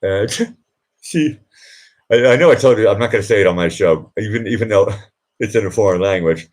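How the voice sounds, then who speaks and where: A man with a low voice chats loosely to his live viewers, his pitch swinging up and down as he rambles. He laughs often, trails off with fillers and jumps from one anecdote to the next. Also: animated, normal speed. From Boston. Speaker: live stream host. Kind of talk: casual chat to live viewers. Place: indoors at home.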